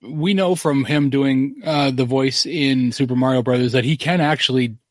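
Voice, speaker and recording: A man's voice: medium pitch, normal speed, no room sound, studio quality. Opinionated man rambling on a podcast. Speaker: podcast host. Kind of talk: casual podcast chat.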